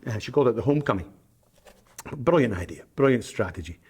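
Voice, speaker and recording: A man's voice: mid-range voice, lively intonation, fast, a little mellow, breathy edge. An older man, telling stories as an interview guest, rambling and hesitant with frequent ums and restarts. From Scotland, Isle of Arran. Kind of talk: anecdotal storytelling in an interview.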